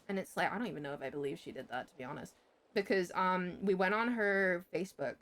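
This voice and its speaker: A young woman streamer telling a story in casual chat, swearing freely and jumping sharply in pitch. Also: lively intonation, quick pace, a bit bright.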